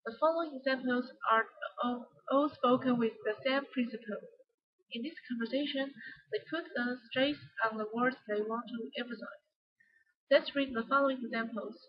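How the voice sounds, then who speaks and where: A young woman whose first language is Mandarin, giving a student presentation in English on stress and pauses in film dialogue. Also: on the high side, slightly rough, dull audio. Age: young adult. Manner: reads film lines aloud, then explains stress and pauses. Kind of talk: classroom presentation on movie speech.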